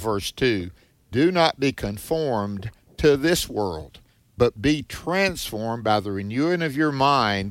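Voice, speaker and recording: Southern man on a bible show, calm and measured, reads verses slow, dry sound. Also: mid-range voice, no echo. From American South. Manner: measured, reads scripture slowly and deliberately. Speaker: co-host of a Bible teaching program. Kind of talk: conversational Bible teaching.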